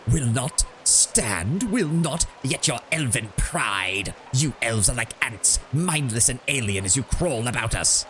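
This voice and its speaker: A man's voice: mid-range voice, lively intonation, measured pace, few pauses, a bit bright, faint music behind. A man reading out a game's lines as a hateful, preachy human zealot who rants against elves. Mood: scornful. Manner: accusing, preachy.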